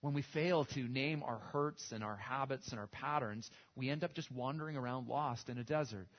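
A man's voice: medium pitch, normal speed. A man preaching a sermon and telling a story, with small restarts and repetitions. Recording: dull lo-fi recording.

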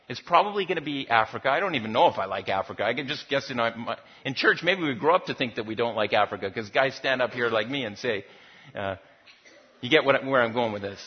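A man's voice: medium pitch, lively intonation, fast talker, breathy edge. A man preaching a sermon in a conversational, storytelling manner, often repeating words as he goes. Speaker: pastor. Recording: dull lo-fi recording.

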